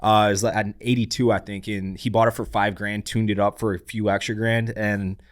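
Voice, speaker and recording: A man co-hosting a podcast, chatting casually in a relaxed, matter-of-fact way. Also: on the low side, normal speed. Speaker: podcast co-host. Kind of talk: casual chat.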